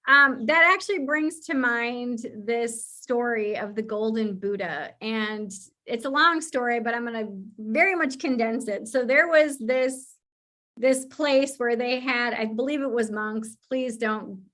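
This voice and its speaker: A woman hosting a podcast, telling stories in a lively, casual way, laughing often and swearing freely. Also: a little high, measured pace. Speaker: podcast host.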